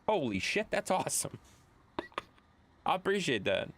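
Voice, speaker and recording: A man's voice: fairly high pitch, very animated, unhurried, long pauses, fairly bright tone. A man streaming live, chatting casually and rambling as he answers viewers' chat.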